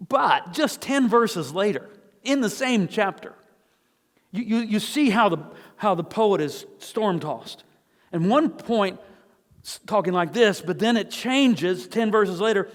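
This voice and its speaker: A man's voice: high-pitched, expressive, unhurried, long reverb tail. A male pastor preaching a sermon, earnestly reading scripture aloud with rising emotion. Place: church sanctuary.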